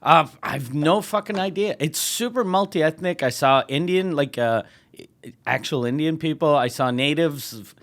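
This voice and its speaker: Higher-voiced man telling a profane story. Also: a little slow, a bit bright. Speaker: podcast co-host, comedian. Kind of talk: casual storytelling chat.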